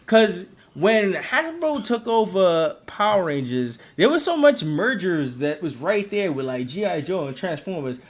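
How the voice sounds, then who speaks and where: A man co-hosting a podcast in casual chat, slangy and profane, laughing often. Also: high-pitched. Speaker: podcast co-host.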